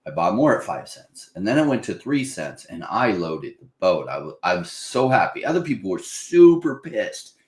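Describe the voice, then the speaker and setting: With a roomy echo around him, this man hosts a crypto channel and talks investing in a relaxed way. He's lively, jumping readily into a higher-pitched impression of buyers in a panic.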